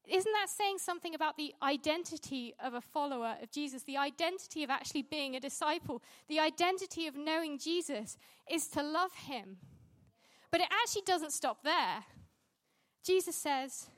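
A woman's voice: high voice, lively intonation, moderate pace. A woman preaching a sermon in a conversational way, often restarting sentences and laughing at herself.

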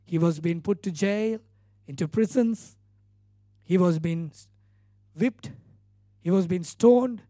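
A man's voice: sits high, slow pace, pauses often, dark tone, no room sound, clean studio sound. A male pastor preaching a sermon, retelling scripture earnestly with emphatic repeated phrases.

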